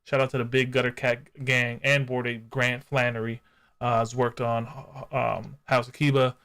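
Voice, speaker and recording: A man hosting a casual livestream podcast, bantering in hyped slang and shouting out the chat. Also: medium pitch, flat delivery, normal speed. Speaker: podcast host.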